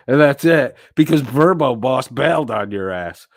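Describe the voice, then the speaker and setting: A man's voice: medium pitch, expressive, moderate pace, dry recording, clean studio sound. Crude taunting male streamer. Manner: taunting, crude, laughing between jabs. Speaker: livestream host. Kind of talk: profane mocking livestream commentary.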